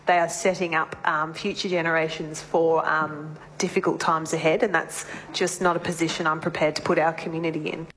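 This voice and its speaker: A woman, a local councillor speaking firmly and deliberately in a council chamber. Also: low-pitched, little pitch movement, a bit bright, slight background noise, poor audio. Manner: firm, deliberate.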